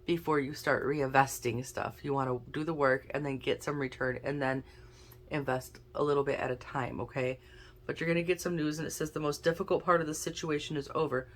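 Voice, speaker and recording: A woman's voice: deep voice, little pitch movement, a little fast, slight background noise. Chatty woman giving a card reading. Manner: chatty, thinks aloud while drawing cards. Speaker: intuitive card reader. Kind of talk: casual tarot and oracle card reading.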